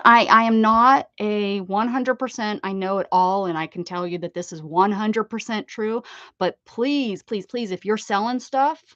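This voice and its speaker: A woman's voice: mid-range voice, fairly bright tone, no room sound, dull audio. A woman with an American accent hosting a casual craft livestream, rambling and greeting viewers from the chat with sing-song repeats. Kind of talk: casual chat with live chat readers.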